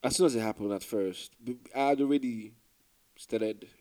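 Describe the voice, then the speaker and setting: A man from Nigeria with a Nigerian accent, a musician guest talking casually in an interview, relaxed and rambling with many fillers and restarts. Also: mid-range voice, moderate pace.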